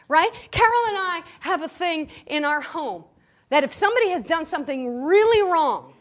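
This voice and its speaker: A woman spiritual teacher giving an inspirational talk to a live audience, telling stories playfully and often checking in with "right?". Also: very high-pitched. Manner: animated storytelling, playful, keeps asking "right?". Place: room with an audience.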